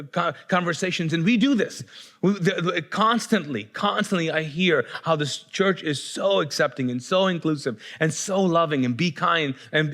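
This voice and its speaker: Male pastor, fairly high voice, loose and conversational sermon delivery with mounting fervor. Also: a bit bright. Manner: conversational, with frequent restarts and rising fervor.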